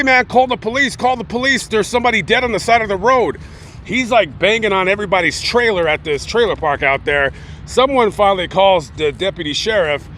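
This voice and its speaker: A man casually retelling a true-crime story, rambling and acting out the quotes in animated voices. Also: sits high, slight background noise. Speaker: YouTube storyteller.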